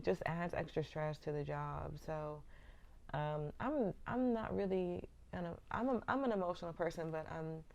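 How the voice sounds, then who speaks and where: A woman's voice: sits low, gravelly, darkish tone. A young woman in her twenties talking casually and candidly to her viewers, calling them y'all. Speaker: vlogger. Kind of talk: casual vlog talk to viewers.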